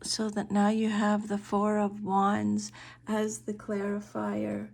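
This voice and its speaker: A woman giving a tarot reading, soft-spoken and hesitant, often pausing on fillers as she lists each card's meanings. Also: mid-range voice, monotone, vocal fry. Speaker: tarot reader.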